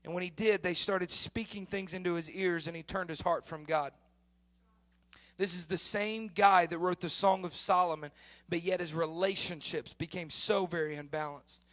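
A middle-aged male pastor with a high, bright voice preaches to his congregation. He talks to them like a friend and then builds to strong, emphatic points. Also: steady tone, moderate pace. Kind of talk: sermon.

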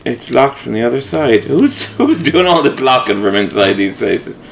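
A man's voice: medium pitch, expressive, normal speed, creaky, a little hiss or hum. A man co-hosting a casual game playthrough, making sarcastic remarks and laughing often. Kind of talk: casual let's-play commentary.

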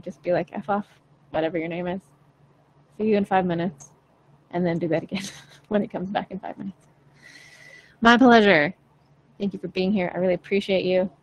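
A woman's voice: on the low side, lo-fi sound, slight background noise. A woman vocal coach chatting casually with viewers in a live Q&A, encouraging and full of fillers. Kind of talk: live-stream Q&A chat.

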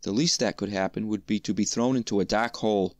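A man playing a sly, hushed peasant. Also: fairly low pitch, steady tone, quick pace, dry recording, studio quality, close to an everyday voice. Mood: confiding, sly.

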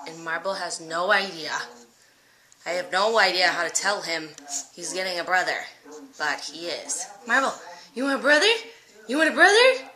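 A young woman vlogging casually on a handheld camera, cooing to her dog in high baby talk. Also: sharp tone. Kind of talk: casual vlog narration.

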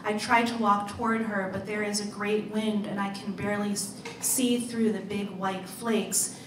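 A woman author reading her own story aloud in a measured, deliberate way. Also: medium pitch, flat delivery, noisy background. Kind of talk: literary reading. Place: live reading event. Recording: roomy, distant mic, faint ambience.

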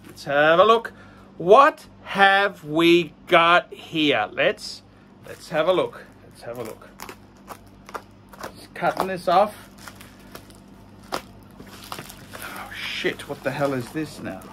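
A middle-aged man hosting his own vlog, chatting casually through a live unboxing, excitable and humming to himself as he opens a parcel. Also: fairly high pitch, takes it slowly, pauses often, noisy background. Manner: excitable, hums while working, mock-sarcastic. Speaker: vlog host.

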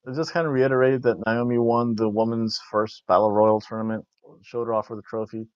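Fairly low-pitched and brisk, with fairly even intonation, this wrestling review host chats in a rambling way, full of jokes and restarts. The lo-fi recording sounds dull and dry, with no room sound.

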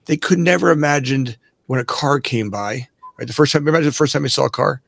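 A man's voice: medium pitch, fast talker, creaky, fairly bright tone, no echo. A man as a podcast guest who talks with emphasis and keeps asking "right?" to check the listener is following. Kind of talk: casual podcast interview.

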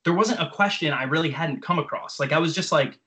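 Fast-talking bright-voiced young man. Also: on the high side, rough recording. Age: 20s. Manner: animated, profane, filler-heavy. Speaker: jump training coach. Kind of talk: casual storytelling.

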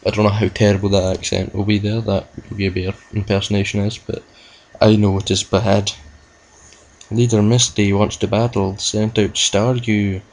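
A man's voice: on the low side, flat delivery, moderate pace, a little mellow, low-quality recording. A young man giving rambling, self-mocking commentary over a video game playthrough, cursing at the game now and then. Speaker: gamer. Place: at home with a laptop.

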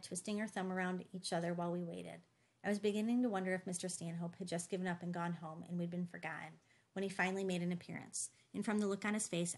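Brief: female audiobook narrator, steady delivery, gravelly low voice. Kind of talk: scripted first-person narration.

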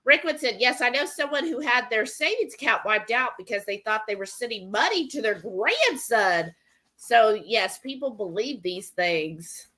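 Expressive and speaking at a normal speed, this livestream cooking host has a fairly high, sharp voice. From her home kitchen she rambles chattily with lots of fillers, reading out comments from viewers.

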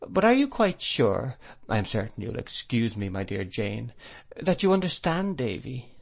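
A man's voice: medium pitch, very animated, moderate pace, vocal fry. A man voicing a meek, apologetic young mother in an audiobook. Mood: timid pleading. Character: timid gentle young mother.

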